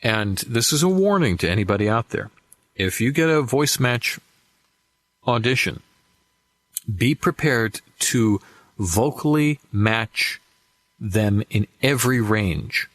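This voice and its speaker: Brief: low-pitched man, voice actor guest, lively storyteller, dry close mic. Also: takes it slowly, long pauses, no room sound. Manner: animated anecdotes with acted-out quotes. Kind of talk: casual interview storytelling.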